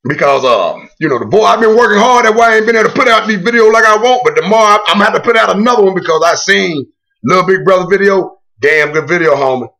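A man's voice: high-pitched, animated, quick pace, pushed and bright. A man ranting to the camera in a video blog, boastful and profane, taunting a rival. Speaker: video blogger. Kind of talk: trash-talking rant to camera.

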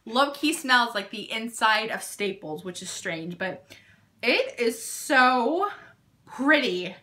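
Bubbly, bright-voiced young woman vlogger. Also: fairly high pitch, takes it slowly. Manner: bubbly, gushing, excitable. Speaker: beauty YouTuber. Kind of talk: casual unboxing vlog.

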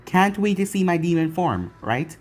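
A brash young ninja who mocks his enemies, as a man reads him aloud. The voice is husky and sits fairly high, with lots of swing in pitch. It comes from a fan-written storybook reading. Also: big pitch swings, moderate pace. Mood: taunting. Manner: brash, taunting. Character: young male ninja hero, cocky and mocking.

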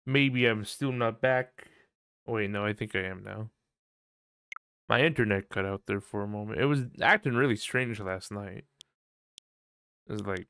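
A man's voice: lowish voice, fairly bright tone, clean tone. A man streaming a video game live, chatting and thinking aloud as he plays. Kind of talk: casual live-stream commentary.

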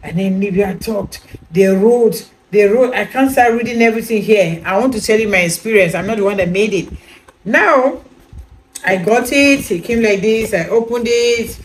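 A woman's voice: medium pitch, normal speed, a little hiss or hum, low-quality recording. A woman chatting casually about a skincare product, rambling and often asking viewers whether they follow her. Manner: chatty, rambling, with many repeated "you know" fillers; addresses viewers directly, asks if they understand. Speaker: beauty product reviewer. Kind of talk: casual product review vlog.

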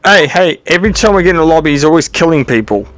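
Aussie guy freaking out in a vr game, high voice all over the place, faint music. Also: fast talker. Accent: Australian. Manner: excitable and pleading. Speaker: gamer. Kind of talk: casual game chat.

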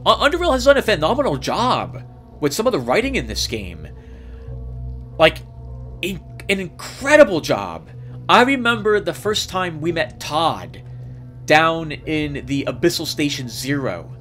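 A man hosting a let's play, chatting casually and rambling excitedly as he plays, laughing often. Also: fairly high pitch, a little slow, faint music behind. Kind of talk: casual gameplay commentary.

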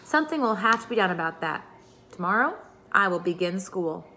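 A woman voicing a bold, cheeky young girl who talks loud and bossy, in a storybook read-aloud. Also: mid-range voice, lively intonation, brisk. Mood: indignant.

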